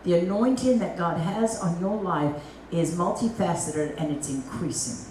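A woman evangelist from Africa preaching a sermon at an evening meeting, animated and acting out the voices of God and other people. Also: fairly low pitch, moderate pace, slight background noise. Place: meeting hall. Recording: roomy, distant mic.

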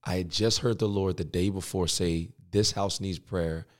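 A young man, a pastor, telling a personal story in a podcast interview, slangy and animated. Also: deep voice, moderate pace.

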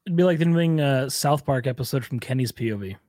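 A man's voice: mid-range voice, fast, warm tone, no echo, studio quality. A man co-hosting a podcast in casual chat, rambling, swearing and laughing often. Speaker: podcast co-host.

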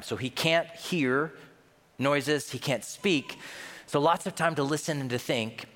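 A man's voice: medium pitch, fairly bright tone. Emphatic preaching man, reverberant hall. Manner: emphatic, with rhetorical questions. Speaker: pastor. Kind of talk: sermon.

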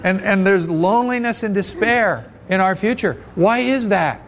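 A man's voice: high voice, expressive, moderate pace, a bit bright, slight background noise. A man preaching a conversational, folksy sermon at a church service, often restarting his phrases. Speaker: pastor.

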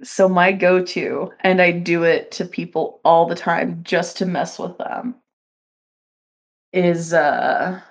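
A woman's voice: fairly low pitch, fairly even intonation. A woman co-hosting a podcast in casual banter, giggling and hesitating with fillers. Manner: giggly, slow and drawn out, lots of fillers. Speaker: podcast co-host.

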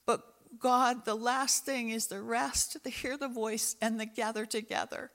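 A woman's voice: a little high, fairly even intonation, measured pace, hardly any pauses, a bit bright. A woman pastor preaching a sermon and praying, impassioned and repeating phrases for emphasis. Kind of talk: sermon with prayer.

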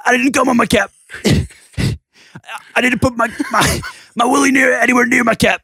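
A man putting on a manic, high-pitched shouting cartoon scientist voice. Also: steady tone, normal speed, creaky, breathy edge, no echo, studio quality, heavily acted.

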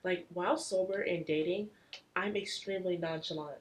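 A young woman chats casually on a podcast, pitched slightly low for a woman. She tells her stories in a candid, crude way, full of fillers. It sounds loose and conversational. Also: moderate pace, rough recording. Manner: candid and crude, heavy on "like", telling drinking stories. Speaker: podcast co-host. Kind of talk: casual chat.

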